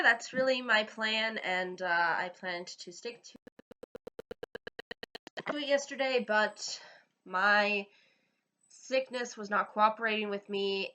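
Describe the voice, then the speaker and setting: A woman vlogger reviewing films in a relaxed, chatty way. She speaks slowly with a bright, forward tone. She hesitates often, filling gaps with ums and uhs and restarting her sentences. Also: medium pitch. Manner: hesitant, many fillers and restarts. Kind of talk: casual spoken film review.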